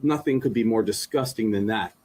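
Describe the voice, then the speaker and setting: A man's voice: lowish voice, brisk, very noisy. A man making a stern, scolding statement at a press conference.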